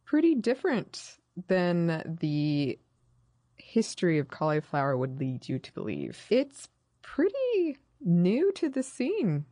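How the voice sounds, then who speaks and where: A woman's voice: lowish voice, huge pitch swings, slow, warm tone, dry recording. A woman co-hosting a casual studio chat, sharing food history and reading quotes in a put-on voice. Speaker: podcast co-host. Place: recording studio.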